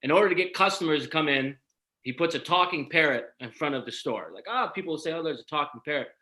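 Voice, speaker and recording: A man co-hosting a comedy chat, telling jokes and doing quick impressions in a loose, animated way. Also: fairly high pitch, low-quality recording. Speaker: comedian and co-host.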